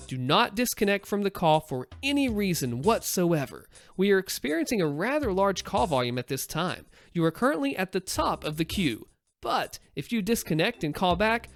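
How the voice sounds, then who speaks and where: A man playing a sly, overly polite call agent. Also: high voice. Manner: overly courteous, formal phrasing.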